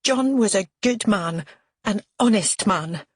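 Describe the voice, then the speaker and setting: A neat, frosty older widow with a Scottish accent, clipped and proper, her voice quavering when upset, as a woman puts her on. The tone is slightly husky and a touch low. It sits close and dry with no room around it. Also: moderate pace, no room sound.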